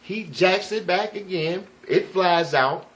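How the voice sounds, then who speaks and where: A man's voice: sits high, slow, fairly bright tone. A man telling a personal story in a casual, rambling and profane way, full of emphatic asides to the listener. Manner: rambling, profane, emphatic, frequent "you know what I'm saying". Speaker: vlogger.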